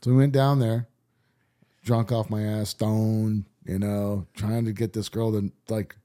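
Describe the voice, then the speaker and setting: A man's voice: on the low side, flat delivery, unhurried, mellow. Laid-back rambling storyteller man. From Southern California. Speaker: musician guest. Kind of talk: casual storytelling chat.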